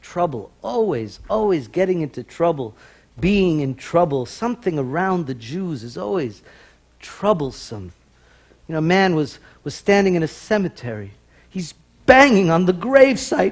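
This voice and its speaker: A man's voice: fairly high pitch, big pitch swings, normal speed. A man from the Bronx telling wry comic stories on stage with Yiddish words mixed in. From New York, the Bronx. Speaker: comedian and stage performer. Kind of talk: live stage comedy storytelling. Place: stage in a TV studio before a live audience.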